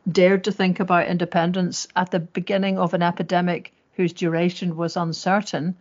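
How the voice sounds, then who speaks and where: A woman's voice: on the low side, flat delivery, a little fast. A woman co-hosting a political discussion podcast in a chatty, wry way with many fillers. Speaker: podcast co-host. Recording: dull lo-fi sound.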